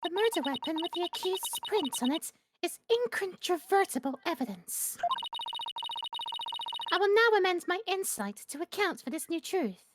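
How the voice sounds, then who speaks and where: A woman doing a scornful high-voiced princess priestess. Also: big pitch swings, normal speed, a little hiss or hum. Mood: haughty. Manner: stiff, formal, commanding. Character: haughty young princess priestess, imperious and scornful. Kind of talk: voicing game dialogue with friends. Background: game music.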